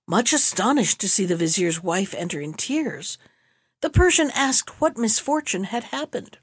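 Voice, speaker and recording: A woman narrating an audiobook of an old tale in a measured, steady way. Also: mid-range voice, husky, no echo, clean studio sound. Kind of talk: audiobook reading.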